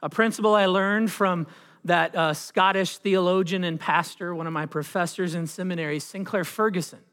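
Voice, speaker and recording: A man preaching a sermon as pastor, telling a story with dramatic pauses and swelling emphasis. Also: sits high, steady tone, fairly bright tone, clear, resonant tone. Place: church sanctuary. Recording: long reverb of a church hall.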